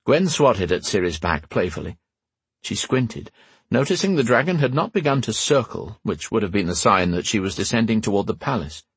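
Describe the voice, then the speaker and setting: Man, audiobook narration, lively pitch, husky voice, dry close sound. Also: normal speed, dry recording. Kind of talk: scripted narration.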